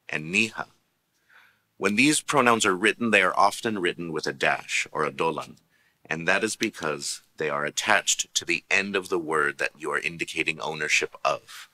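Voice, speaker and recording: A man's voice: low-pitched, sharp tone. A man presenting a recorded language lesson, patiently explaining grammar and pronunciation with spoken examples. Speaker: language teacher.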